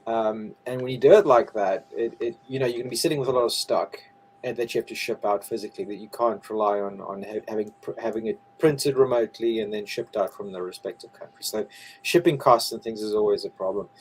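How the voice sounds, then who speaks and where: A man's voice: lowish voice, fast talker, slightly rough, rough recording. A man, chatting casually as a game creator guest on a video call and restarting his sentences often. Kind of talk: casual interview chat.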